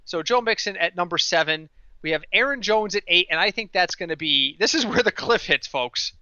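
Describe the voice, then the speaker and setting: A man hosting a casual podcast, telling stories in an animated way and mimicking others in quoted voices. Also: high-pitched, a little fast, no echo, highs cut off. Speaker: podcast host.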